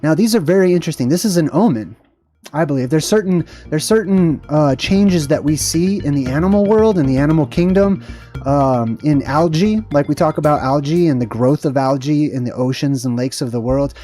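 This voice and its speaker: A man's voice: fairly high pitch, a little fast, dark tone, soft background music. A man hosting a livestream show, talking casually and rambling with enthusiasm, with frequent fillers and restarts. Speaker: host.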